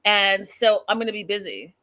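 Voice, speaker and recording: A woman's voice: mid-range voice, moderate pace. Chatty woman hosting a reality recap. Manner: chatty, animated, laughing at herself, asides to viewers. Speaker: host recapping a reality show. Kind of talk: casual recap chat.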